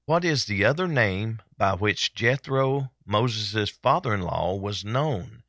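A male host on a daily broadcast, talking casually and filling his pauses with "uh." His voice is bright and forceful, recorded close and dry with no room sound. His pitch sits a little low. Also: no echo. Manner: relaxed, chatty, with many fillers.

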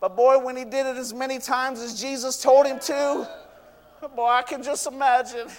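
High-voiced fervent man preaching. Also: steady tone, moderate pace. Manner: fervent, repeats "you know what" and "I tell you". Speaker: pastor. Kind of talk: sermon. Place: church. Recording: long reverb of a church hall.

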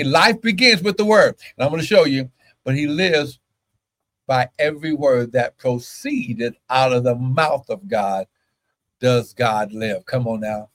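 A man's voice: medium pitch, fairly bright tone. A man preaching as a pastor, fervent, repeating phrases and breaking into whoops and hallelujahs. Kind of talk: sermon.

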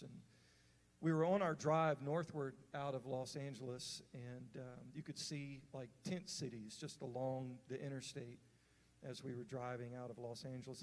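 A man giving a sermon as a story, in an earnest, conversational way with fillers and restarts. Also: medium pitch. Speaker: preacher. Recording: long hall reverb.

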